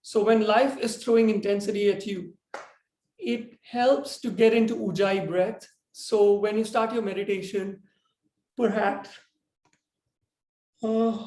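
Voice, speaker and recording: A man teaching a yoga breathing lesson in a relaxed, rambling way, tired and yawning. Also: high-pitched, unhurried, pauses often, reverberant. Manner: relaxed, rambling explanation with fillers.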